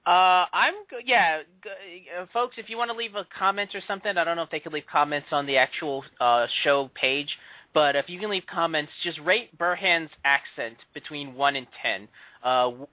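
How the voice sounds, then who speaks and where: A man hosts a casual podcast and rants about what he dislikes. His voice sits a little high and sounds dry and close. The audio is dull and lo-fi. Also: no room sound. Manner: opinionated, ranting about films. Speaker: host. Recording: muffled lo-fi audio.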